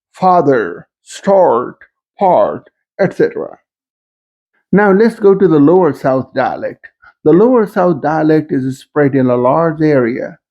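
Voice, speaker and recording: A man giving a lesson, speaking slowly and carefully and listing example words one at a time. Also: a little high, warm tone, muffled recording. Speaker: instructor. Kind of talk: lecture on dialects.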